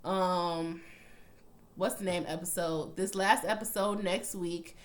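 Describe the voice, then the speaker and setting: A woman's voice: fairly low pitch, slow pace. A young woman casually recapping a TV episode, blunt and profane, retelling scenes and quoting lines as she goes. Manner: profane, blunt, animated storytelling with acted-out quotes. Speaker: TV recap vlogger.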